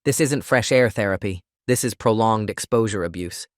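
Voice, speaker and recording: A stern hospital doctor who speaks bluntly and without softening, read out by a male narrator. The voice is fairly low and dry. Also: moderate pace, dry recording, lightly acted. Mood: disgusted.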